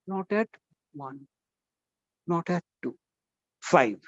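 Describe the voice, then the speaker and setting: A high-voiced man runs a lively college workshop, pushing shy students to speak up. The sound is dry and a little muffled. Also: takes it slowly, dry recording. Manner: coaxing, asks the class questions. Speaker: guest trainer at a college workshop. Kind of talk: interactive classroom talk.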